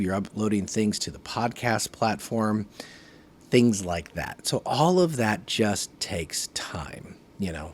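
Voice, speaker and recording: Lower-voiced man chatting to camera. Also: breathy edge. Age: adult, working a full-time job. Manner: conversational, varied emphasis, often says "right". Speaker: podcast host. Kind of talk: casual one-take talk to camera. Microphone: phone camera.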